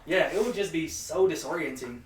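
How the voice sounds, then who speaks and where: A man chatting in an animated, rambling way with his gaming group. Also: a little high, a little fast, recorded from a distance. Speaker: player. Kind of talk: casual group chat. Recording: echoey room, off-mic, faint noise.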